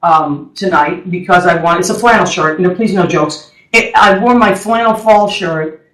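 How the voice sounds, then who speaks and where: A woman hosting a radio talk show, telling stories in a chatty, excitable way full of exclamations. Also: lowish voice, normal speed, roomy sound, low-quality recording. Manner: chatty storyteller with lively exclamations. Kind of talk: casual chat. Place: radio studio.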